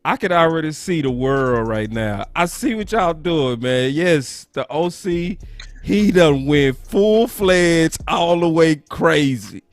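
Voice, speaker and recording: A man's voice: on the high side, expressive, slow pace, dry recording. A man hosting a heated sports debate, talking with preachy mock outrage. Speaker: show host.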